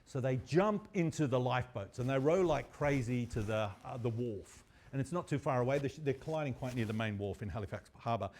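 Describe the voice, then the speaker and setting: A male university lecturer telling a story in a lively, chatty way. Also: medium pitch, fairly quick.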